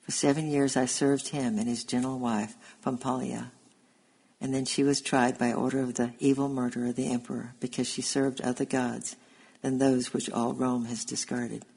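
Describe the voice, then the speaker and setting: A man doing a gentle, sad giant gladiator. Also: medium pitch, little pitch movement, creaky, husky, rough recording. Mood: gentle, weary. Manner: speaks slowly with a foreign accent.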